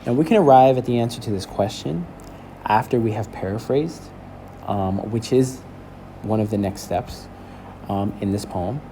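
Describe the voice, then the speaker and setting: Gravelly low-voiced male teacher. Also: mellow, slight background noise. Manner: explains slowly, checks in with "okay?". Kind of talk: classroom lesson on poetry. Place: school building.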